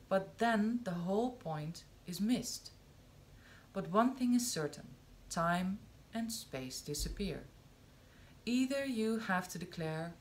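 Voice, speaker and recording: A woman reading a spiritual discourse aloud, slow and measured, with long pauses between phrases. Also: fairly low pitch, lively intonation, a little hiss or hum. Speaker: reader of spiritual texts.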